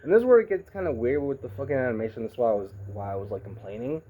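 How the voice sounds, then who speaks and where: A man giving a casual, rambling anime review, swearing freely and getting excited as he goes. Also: mid-range voice, very fast, phone-quality sound.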